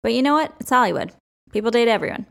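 Woman, young adult, podcast host, casual sports chat, opinionated, laughs a lot, gravelly edges. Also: a little high, lively intonation, racing, fairly bright tone. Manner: chatty and opinionated, laughs often.

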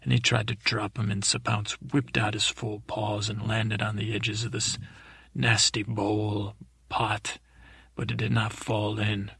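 A man rambles through an improvised bedtime story, stumbling and backtracking. His voice is deep-grained and gravelly with a husky edge. It sits close and dry on the mic. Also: little pitch movement, a little slow, a bit bright, no echo. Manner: meandering, full of self-corrections and fillers. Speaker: podcast storyteller.

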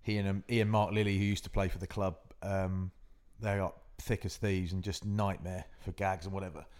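A man co-hosting a podcast, telling a story in an animated way with frequent laughter. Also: low-pitched, moderate pace. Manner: animated, laughing as he tells stories. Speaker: podcast co-host. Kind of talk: casual storytelling chat.

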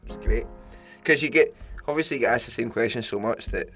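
A man's voice: medium pitch, fairly quick, soft background music. A man with a Scottish accent hosting a podcast in casual chat, telling stories with laughs and restarts. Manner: laughing, lively storytelling with restarts. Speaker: podcast host.

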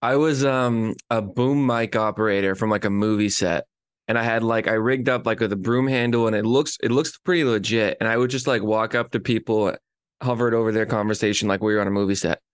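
Young male co-host, low-pitched, laid-back, dry close sound. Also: fairly quick, smooth, dry recording. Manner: relaxed, filler-heavy talk. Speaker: podcast co-host. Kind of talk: casual chat.

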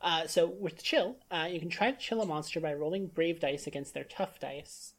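A woman's voice: low-pitched, moderate pace. A woman playing a tabletop role-playing game, eager and checking the rules as she goes. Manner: eager, asks rules questions, cheers at rolls. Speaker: player.

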